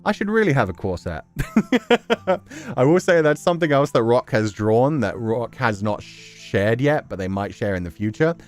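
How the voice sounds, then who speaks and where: A man's voice: medium pitch, sing-song, moderate pace, faint music behind. A man chatting casually on a live stream, reacting to fan art and laughing often.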